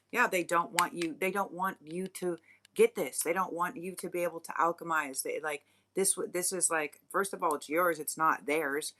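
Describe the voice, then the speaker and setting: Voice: medium pitch, bright, forceful tone. A spiritual reader talking straight to the viewer in an unscripted reading, blunt and profane, with many restarts and asides. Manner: speaks straight to the viewer as "you guys". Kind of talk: unscripted channeled reading monologue.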